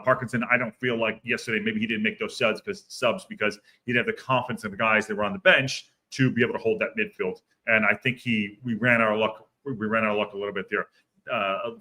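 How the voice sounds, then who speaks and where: A man's voice: on the low side, pushed and bright. A man hosting a casual livestream football podcast, rambling and repeating himself as he reads out viewer comments. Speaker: podcast host.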